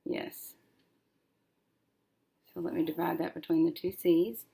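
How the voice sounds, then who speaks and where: A woman teacher working through a syllable-division lesson, thinking aloud and slowly sounding out each syllable as she writes. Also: fairly low pitch, little pitch movement, creaky, mellow, husky. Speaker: reading teacher.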